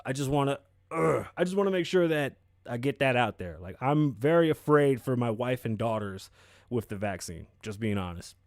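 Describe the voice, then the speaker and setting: A man hosting his own podcast, riffing on the news in a loud, profane, emphatic way. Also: medium pitch, expressive, normal speed, dry recording, studio quality. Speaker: podcast host. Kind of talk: casual news commentary.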